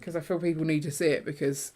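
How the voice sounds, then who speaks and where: Woman, lowish voice, chatty storyteller, faint hiss behind. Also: steady tone, fast, darkish tone. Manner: chatty, storytelling, laughs easily. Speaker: co-host of a Lego build livestream. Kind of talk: casual chat while building.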